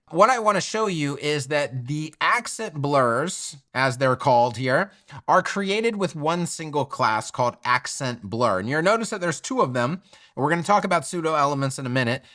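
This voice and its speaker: A man's voice: a little high, sharp tone. A man teaching a web design tutorial while sharing his screen. He is upbeat and direct, often checks in with "okay?", and his voice is still affected by a recent illness.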